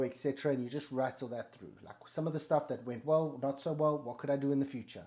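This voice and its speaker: A man's voice: medium pitch, fast, few pauses, a little mellow. Blunt, swearing motivational man. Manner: blunt, heavy swearing, emphatic. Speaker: motivational podcast host. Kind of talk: motivational monologue.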